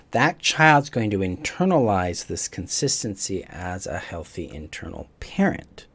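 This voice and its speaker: Soft-spoken man teaching a live online session. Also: sits low. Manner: gentle, reflective explaining with small restarts. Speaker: coach and course teacher.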